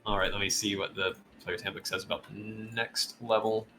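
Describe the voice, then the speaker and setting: A man's voice: on the low side, little pitch movement, fairly quick. Man running a tabletop game, laughing. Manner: laughs often, loose and chatty. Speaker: game master. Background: soft music.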